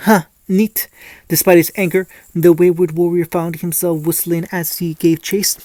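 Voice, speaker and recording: A mid-pitched storyteller reads a fan-fiction tale aloud in a dry, dead-sounding space. The reading is casual and often stumbles, doubling back on words before carrying on. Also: little pitch movement, normal speed, mellow, dry recording. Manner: frequent stumbles and restarts while reading. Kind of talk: storytelling reading with light character voices.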